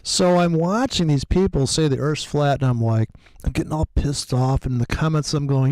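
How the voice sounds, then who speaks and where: A man's voice: on the high side, moderate pace, a little mellow, no room sound. A man talking casually and profanely, telling rambling stories in a loose chat.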